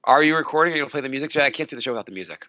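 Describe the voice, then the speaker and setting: A man's voice: mid-range voice, animated, rapid-fire, sharp tone, no room sound. A man co-hosting a podcast, teasing and joking with casual profanity. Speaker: podcast co-host. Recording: dry, slightly dull audio.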